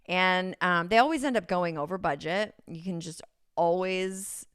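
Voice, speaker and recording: A woman's voice: fairly low pitch, measured pace, a bit bright, clear, resonant tone, no room sound, clean studio sound. A woman with a Californian accent, a podcast guest who rambles and giggles through casual chat, full of ums. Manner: rambling, giggly, many fillers.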